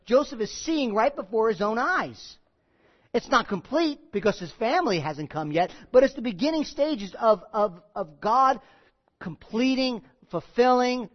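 In a lo-fi recording, a pastor with a mid-range voice teaches through a Bible passage in a conversational sermon. He's animated, repeats key phrases, and asks the congregation questions.

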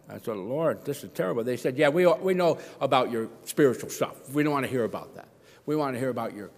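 A middle-aged man preaching an earnest sermon, acting out the voices he quotes. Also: mid-range voice. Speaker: pastor. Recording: long hall reverb.

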